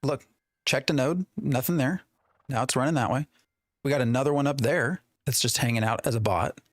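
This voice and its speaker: A man's voice: mid-range voice, a little fast, no room sound, studio quality. A man streaming a game live, rambling in an exasperated way and talking to his chat. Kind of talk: live gameplay commentary.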